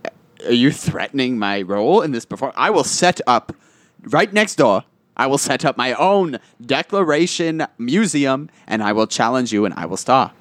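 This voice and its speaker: A man's voice: mid-range voice, animated, normal speed, no room sound. A man co-hosting a comedy podcast, hamming it up with mock-pompous theatrical bits. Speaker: podcast co-host. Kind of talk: improv comedy banter.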